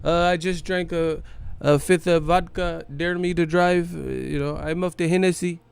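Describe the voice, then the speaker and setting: A hesitant male boxer with a Filipino accent, as a man puts him on, speaks in a pitched-up voice. He stumbles through every sentence on "uh" and "um", and the quiet delivery sits a little back from the mic. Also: steady tone, gravelly, smooth. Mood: halting accented. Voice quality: halting, full of "uh" fillers.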